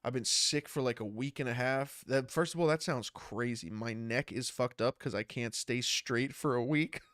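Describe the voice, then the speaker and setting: A man's voice: mid-range voice, moderate pace, fairly bright tone, no room sound, studio quality. Congested man chatting on a stream. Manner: rambling, swearing, laughing often. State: congested from a cold. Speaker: streamer and battle rapper. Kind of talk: casual livestream chat reading comments.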